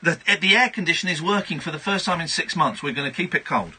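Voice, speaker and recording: A man's voice: fairly high pitch, lively intonation, fast, hardly any pauses, sharp tone, a little hiss or hum. A man hosting late-night radio, bantering with a caller in a playful mock-boastful way with stammering restarts, then reading a news story. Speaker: radio host. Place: radio studio.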